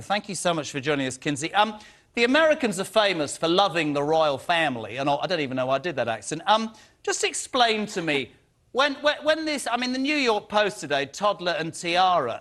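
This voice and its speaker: A man's voice: sits high, fairly bright tone. A man hosting a TV panel debate, asking combative, incredulous questions. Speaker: TV host.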